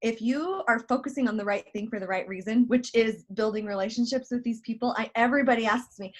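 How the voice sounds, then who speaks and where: A woman's voice: fairly high pitch, fast talker, hardly any pauses. A woman hosting an online training call, talking in a chatty, conversational way. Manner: chatty, conversational, self-correcting. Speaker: host.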